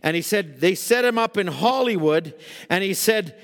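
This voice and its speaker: A man preaching a sermon in church, fervent, dropping to a hush and rising to shouts. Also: high voice, animated, normal speed. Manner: fervent, swings from hushed to shouting. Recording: long hall reverb.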